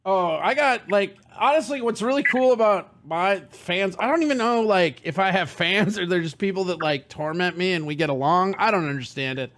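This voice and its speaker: A man's voice: high-pitched, moderate pace, hardly any pauses, a bit bright, a little hiss or hum. A man hosting a live call-in show, laughing often and swearing in a loose, rambling way. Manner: giggly, profane, rambling.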